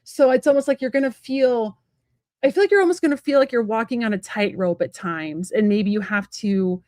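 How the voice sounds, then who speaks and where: Streaming from home, a tarot reader and psychic medium chats with viewers during a live reading, rattling along quickly with plenty of fillers and tangents. Her voice is a little high with a darkish tone, recorded at studio quality with no echo.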